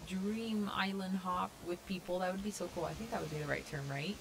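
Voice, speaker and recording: A young woman casually commenting as she tours a video game island, gushing and gasping with excitement. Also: fairly low pitch, measured pace. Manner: gushing, excited, lots of gasps and "oh my God". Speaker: gaming vlogger touring a fan-made island.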